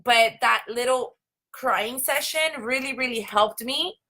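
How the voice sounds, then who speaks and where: A woman's voice: fairly high pitch, a little slow, sharp tone. A young woman hosting a casual live stream, chatty and full of "like" and "um". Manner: chatty, many fillers like "like" and "um". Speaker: host.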